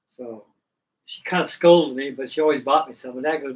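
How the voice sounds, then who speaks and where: A man's voice: mid-range voice, normal speed, far from the mic, low-quality recording. A middle-aged man hosting a live stream, chatting casually and folksily while he builds models, with rambling talk and casual swearing.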